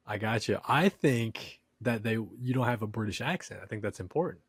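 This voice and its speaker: A man's voice: lowish voice, animated, normal speed, slightly rough, no echo. A man hosting a podcast in casual, upbeat chat, often saying "dude". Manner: upbeat, laid-back, says "dude" a lot. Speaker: podcast host.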